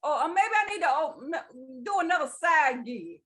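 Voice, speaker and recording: A woman comedian from Virginia chats as a guest and cracks quick, playful jokes. Her voice is high and swings widely in pitch. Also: lively intonation, fairly bright tone. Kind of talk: casual chat interview.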